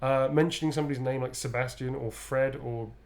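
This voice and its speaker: A male streamer chatting casually with his audience at an ordinary, mid-range pitch. He's laid-back and joking, and he swears freely. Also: fairly even intonation, fairly quick. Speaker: streamer, host of a game stream. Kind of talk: casual live-stream chat.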